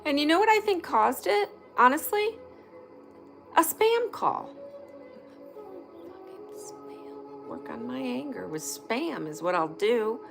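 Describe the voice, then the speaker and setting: At home by a fireplace, a woman hosts a casual live-stream, chatting candidly and swearing freely whenever something bugs her. Her voice is high-pitched and very animated, with vocal fry and a slightly slow pace, and soft music plays in the background.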